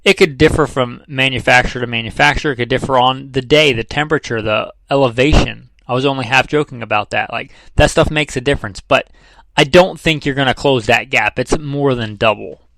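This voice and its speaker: A man's voice: mid-range voice, fairly quick, creaky, fairly bright tone, no echo, low-quality recording. A man, a firearms trainer, talking through a casual instructional lesson in a conversational way, repeating key figures and dropping dry sarcastic asides.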